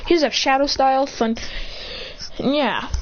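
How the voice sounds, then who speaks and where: A woman's voice: high voice, unhurried. A woman casually telling an anime fan story in a rambling, self-correcting way. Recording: muffled with faint hiss.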